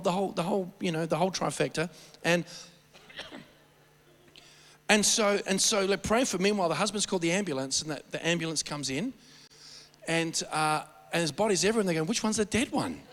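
A man preaching a sermon, telling stories in an animated, rambling way with many restarts. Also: sits high, long reverb tail. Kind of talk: storytelling sermon.

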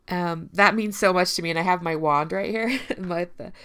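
A woman's voice: lowish voice, normal speed, smooth. A woman giving an earnest, personal talk about recovery, encouraging listeners directly and getting emotional at times. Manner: emotional at times, laughs softly. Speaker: recovery speaker. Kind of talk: personal talk showing her emergency kit.

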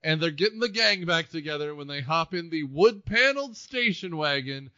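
Man, podcast co-host, bright and a bit high-voiced, lively and jokey, dull dry recording. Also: moderate pace, clean tone, no room sound. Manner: animated, laughs often, acts out quotes. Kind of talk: casual movie-review chat.

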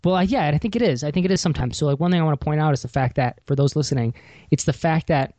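A man's voice: on the high side, very fast, mellow, no echo. A man hosting a podcast in a casual chat, rambling and restarting with many fillers. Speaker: podcast host.

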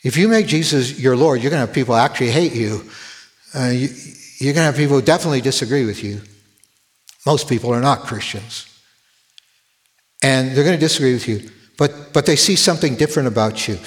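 A man's voice: mid-range voice, a little fast, long pauses. Earnest male pastor preaching in a reverberant hall. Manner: earnest, repeats words when starting a phrase. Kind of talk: sermon.

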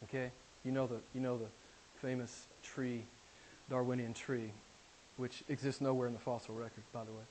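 A male pastor preaching a sermon, emphatic, repeating key phrases and swinging between loud declarations and quiet asides. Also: mid-range voice, little pitch movement, moderate pace, a little hiss or hum, low-quality recording. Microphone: recorded for a podcast.

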